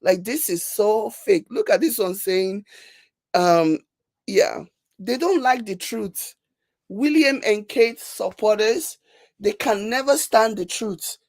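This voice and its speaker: A woman with a Nigerian accent hosting a casual commentary show, reading viewer comments and mocking them with animated, repetitive emphasis. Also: mid-range voice, slow, no echo. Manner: animated, laughing, mocking, repeats herself for emphasis. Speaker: commentary channel host.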